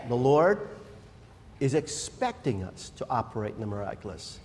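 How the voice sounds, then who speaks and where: A man preaching a sermon, telling Bible stories in a lively, conversational way and acting out the people in them. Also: medium pitch, moderate pace. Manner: animated storyteller acting out Bible scenes. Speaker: pastor. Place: church. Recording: reverberant church hall.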